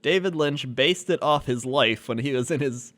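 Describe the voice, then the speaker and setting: A man's voice: medium pitch, moderate pace, a bit bright. A man co-hosting a casual comedy podcast, rambling through a story with lots of fillers and easy laughs. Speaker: podcast co-host.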